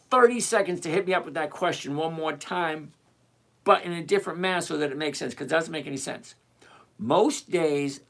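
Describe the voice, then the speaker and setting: A livestream host teaching options trading, reading out and answering chat questions in an animated, chatty, direct and repetitive way. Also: mid-range voice.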